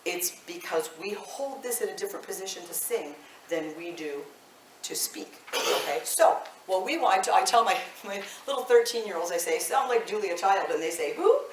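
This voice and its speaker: A woman's voice: mid-range voice, moderate pace, background noise. Chatty woman in her fifties teaching voice. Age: 50s. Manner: chatty, animated, laughs often. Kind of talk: live vocal workshop. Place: indoor workshop room. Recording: echoey room, mic at a distance.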